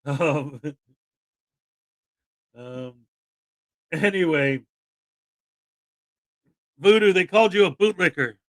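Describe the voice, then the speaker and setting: A man's voice: a little high, expressive, takes it slowly, long pauses, no echo. A man hosting a casual live stream, joking sarcastically and chuckling as he comments. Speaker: streamer host.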